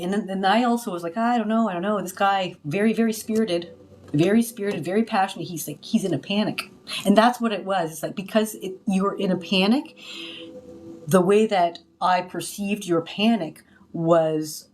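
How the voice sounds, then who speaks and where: A woman talking casually to a live stream as a spiritual healer, rambling and confiding with many restarts, breaking into loud cries when she acts out others. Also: fairly low pitch, slight background noise. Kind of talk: casual livestream talk. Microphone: phone.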